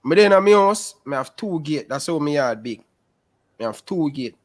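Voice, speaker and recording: A man in his twenties with a Jamaican Patois accent, a guest telling lively stories in a casual interview. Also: on the high side, moderate pace. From Rema, Jamaica. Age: 20s. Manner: lively storyteller who keeps calling the host "sis".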